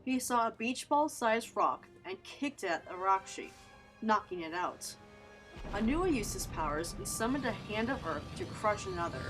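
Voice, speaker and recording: A woman narrating a story in an even, descriptive reading. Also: mid-range voice, rough recording.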